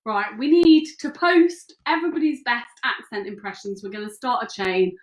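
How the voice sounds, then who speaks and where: A woman's voice: on the high side, animated, moderate pace. A woman co-hosting a casual livestream Q&A, giggly, teasing and self-mocking. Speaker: co-host. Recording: echoey room.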